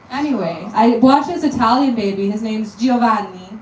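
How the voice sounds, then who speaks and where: A woman's voice: a little high, normal speed, slight background noise. Young woman doing stand-up in a roomy venue. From Texas. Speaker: stand-up comedian. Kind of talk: stand-up comedy set. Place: comedy venue with audience. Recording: roomy live sound from a distant mic.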